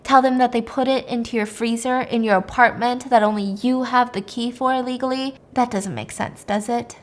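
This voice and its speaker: A cool male detective, as a woman telling a story puts him on, hushed and matter-of-fact, always sure of himself. The voice drops a little lower and quieter than her own, though it is still fairly high. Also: fairly even intonation, normal speed, natural voice.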